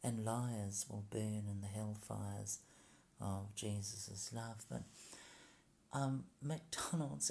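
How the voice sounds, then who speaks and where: A man's voice: on the low side, steady tone, takes it slowly, vocal fry, a little mellow. A man delivers a rambling, sarcastic monologue full of hesitations and mock slips.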